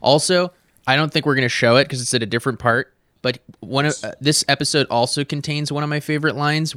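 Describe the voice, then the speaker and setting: A man hosting a podcast, chatting casually with excited, profane, laughing banter. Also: mid-range voice, fast talker, dry recording, studio quality. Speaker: podcast host. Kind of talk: casual chat.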